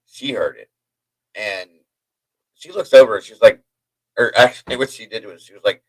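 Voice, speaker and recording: A man's voice: on the low side, normal speed, long pauses, dry recording, rough recording. A man hosting a livestream from home, telling a story in a hyper, rambling way with chatty asides to his viewers. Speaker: livestream host. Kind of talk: casual storytelling to a live chat.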